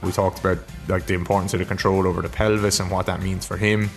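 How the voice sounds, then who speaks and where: A man's voice: sits low, flat delivery, fast, soft background music. An Irish man hosting a podcast in casual chat, rambling and self-deprecating, often stumbling over his words. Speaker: podcast host.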